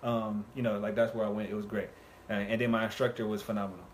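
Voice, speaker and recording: A man's voice: fairly low pitch, flat delivery, quick pace, a little hiss or hum. A young man hosting a casual live talk show, upbeat and chatty, often repeating words. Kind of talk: casual live-stream chat.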